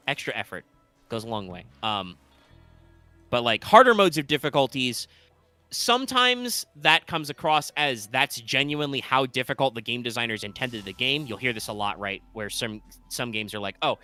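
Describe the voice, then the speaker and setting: A man's voice: on the low side, sharp tone, clear, resonant tone. A man co-hosting a live stream, talking through ideas in a rambling, analytical way. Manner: rambling, analytical, thinks aloud. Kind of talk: casual live-stream chat.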